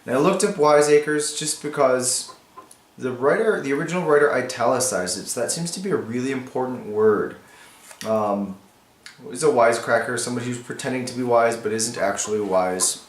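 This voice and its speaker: Male teacher, mid pitch, talks students through his notes casually; echoey room. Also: moderate pace. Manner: thinking aloud, casual and explanatory. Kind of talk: annotating a text for students.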